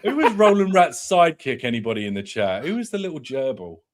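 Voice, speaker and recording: A man's voice: mid-range voice, big pitch swings, fast talker. A man as guest co-host on a live football stream, joking and swearing in casual banter. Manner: laughing, sweary, jokey.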